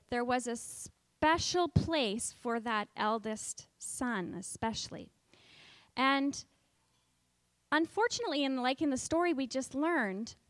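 A woman's voice: a little high, dry recording. A woman teaching a Bible lesson to children in a coaxing way, asking them questions and inviting them to join in.

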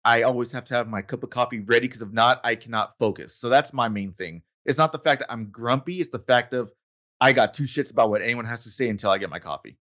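A man's voice: mid-range voice, fast talker, a bit bright, muffled recording. A young man co-hosting a casual podcast, jokey and prone to giggling fits. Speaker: podcast co-host. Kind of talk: casual chat.

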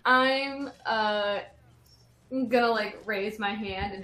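A woman's voice: medium pitch, takes it slowly, sharp tone, reverberant. A woman playing in a tabletop game, chatting casually in a bubbly way as she describes her character's actions. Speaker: player.

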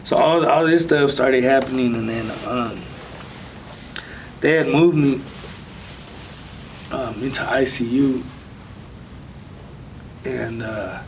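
A man casually recounting a personal story of faith as an interview guest, soft-spoken with light nervous laughs. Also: slow, pauses often. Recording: distant mic with faint low rumble.

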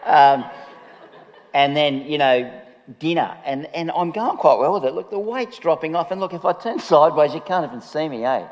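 A man's voice: a little high, animated, moderate pace, highs cut off, a little hiss or hum. A man preaching a chatty, humorous sermon, often laughing at himself. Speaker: pastor. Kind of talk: conversational sermon. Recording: long reverb of a large hall.

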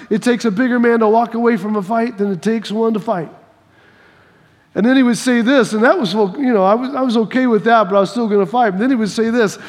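A male preacher delivers a sermon through lively personal stories, acting out scenes and repeating key phrases for emphasis. His voice sits very high for a man. Long hall reverb trails after each line.

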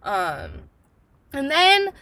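Bright, high-voiced woman ranting about a book. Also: wildly swooping pitch, drawn-out words, creaky. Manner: gushing and exasperated, swears freely; rambling with frequent fillers. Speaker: book podcast host. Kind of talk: casual book review chat.

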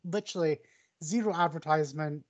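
A man's voice: a little high, brisk, no echo, lo-fi sound. A man co-hosting a casual podcast, enthusing about shows he watched and quoting his own reactions. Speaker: podcast co-host. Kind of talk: casual film chat.

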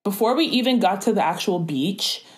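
A woman's voice: mid-range voice, animated, a little fast. A young woman in casual chat, telling stories in a slangy, laughing way.

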